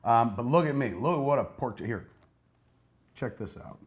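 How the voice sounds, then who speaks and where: A man's voice: mid-range voice, animated, moderate pace, slight background noise. A man in his forties hosting, wryly and self-mockingly commenting on old footage. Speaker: host.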